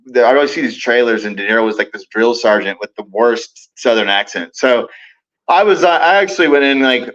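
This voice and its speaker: A man's voice: mid-range voice, a little fast, a bit bright, dull audio. A man as the guest in a casual film discussion, hesitant, with lots of fillers and trailing thoughts.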